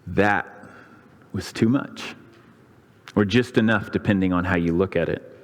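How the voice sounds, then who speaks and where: Pastor, male, lower pitch, dramatic sermon storytelling, church-hall reverb. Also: a little slow. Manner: dramatic storytelling, voicing the crowds' and priests' lines with rising pitch. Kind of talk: sermon retelling a scripture story. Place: church sanctuary.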